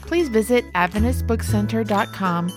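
Woman announcer reading credits, steady, music playing under her. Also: medium pitch, moderate pace. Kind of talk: read credits.

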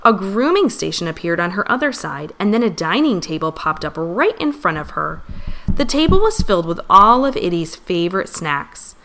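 A woman reading a children's storybook aloud, gentle and expressive. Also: lowish voice, normal speed, slight background noise. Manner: gentle, expressive, lively voice changes for characters. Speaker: storybook reader.

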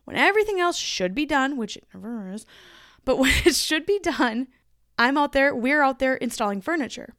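A woman's voice: high voice, expressive, moderate pace, fairly bright tone, no room sound, studio quality. A woman hosting her own podcast in a chatty, emphatic solo monologue, laughing easily as she talks. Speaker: podcast host.

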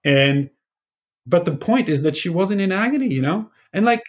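Man, casual podcast guest, talks about teaching, animated and rambling. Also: sits high, normal speed. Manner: animated storyteller, many fillers. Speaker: former positive psychology teacher. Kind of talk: casual conversation.

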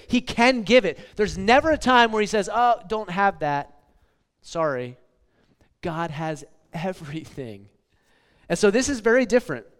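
A man in his forties preaching a casual, conversational sermon, often checking in with "okay?" and "like.". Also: high voice. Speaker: pastor. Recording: long hall reverb.

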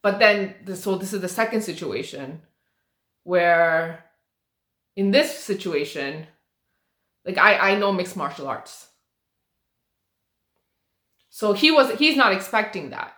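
Animated young woman telling stories in a roomy echo. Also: medium pitch, takes it slowly, long pauses. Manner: animated, rambling, frequent swearing and fillers. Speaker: vlogger. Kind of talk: casual storytelling monologue.

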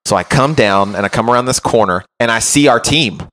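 A man hosting a podcast as a run coach, telling an animated, self-mocking story in casual chat and often checking in with "right?". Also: mid-range voice, a little fast.

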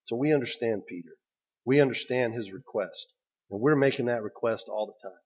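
A man's voice: mid-range voice, fairly quick, a little mellow, husky, highs cut off. A man preaching a sermon as a pastor. He tells the story to his listeners and keeps drawing them in with "right?".

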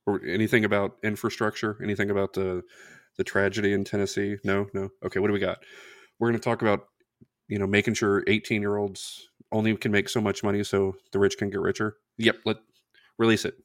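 A man hosting a sports podcast, bluntly indignant and quick to swear. His voice sits on the low side. The recording is dry and close. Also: little pitch movement, no room sound. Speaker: podcast host. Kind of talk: casual sports podcast rant.

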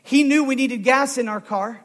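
A male pastor telling a personal story in a sermon, emotional and building from quiet storytelling up to shouted calls to faith. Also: very high voice, normal speed.

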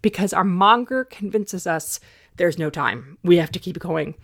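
Candid, slightly low-voiced woman podcast host. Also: unhurried. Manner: candid, conversational, self-reflective. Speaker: podcast host and anxiety coach. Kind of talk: casual podcast monologue.

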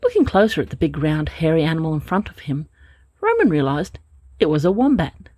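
A woman narrating a children's story, gentle and expressive. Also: sits low, fairly quick, dry recording. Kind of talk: storybook reading.

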